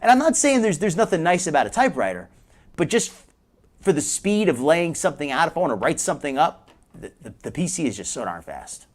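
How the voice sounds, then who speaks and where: A man's voice: a little high, sing-song, fast talker. A man in his forties hosting a live stream, rambling casually while reacting to clips. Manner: rambling, chatty, quotes his younger self in a raised voice.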